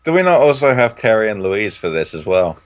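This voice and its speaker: Laid-back young British man, lively voice. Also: on the low side, brisk. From Britain. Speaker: guest, new member. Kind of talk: casual chat.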